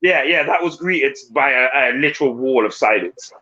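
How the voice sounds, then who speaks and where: A man's voice: mid-range voice, animated, normal speed, bright, forceful tone, a little hiss or hum. A man with a Nottingham accent hosting a voice chat, teasing and laughing as he rambles with restarts. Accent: Nottingham English. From Nottingham, England. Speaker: chat room host. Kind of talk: casual voice-chat banter. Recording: dull lo-fi voice chat audio.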